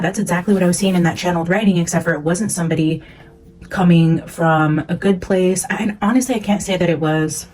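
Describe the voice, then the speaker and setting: A woman's voice: lowish voice, a little mellow, slight background noise, poor audio. A young woman, a psychic medium, talking casually and earnestly as she reads from her notes, rambling with many fillers.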